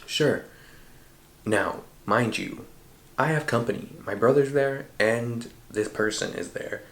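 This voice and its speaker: A man hosting a podcast, recounting a dream in an animated, slangy and profane way. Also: mid-range voice, a little slow. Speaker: podcast host. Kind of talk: casual storytelling. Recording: roomy echo.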